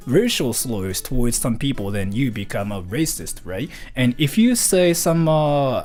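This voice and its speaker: A man streaming live, chatting casually with viewers and reading donations in a rambling way with lots of fillers. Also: medium pitch. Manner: animated, rambling with many fillers. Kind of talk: casual livestream chat.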